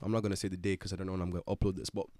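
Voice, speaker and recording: A man's voice: deep voice, little pitch movement, racing, darkish tone, no echo, clean studio sound. A young man in his twenties with an Irish accent, hosting a podcast in a rambling, slangy way. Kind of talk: casual chat.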